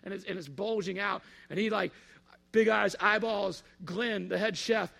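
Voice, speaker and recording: A man telling a personal story in a casual, animated way and acting out the dialogue. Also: high-pitched, moderate pace, gravelly, breathy edge. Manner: animated, acts out quoted dialogue.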